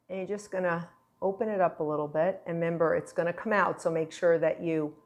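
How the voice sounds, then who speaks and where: A woman's voice: medium pitch, darkish tone. Chatty woman chef demonstrating a tart. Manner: chatty, playful, encouraging. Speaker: cooking instructor. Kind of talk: cooking demonstration.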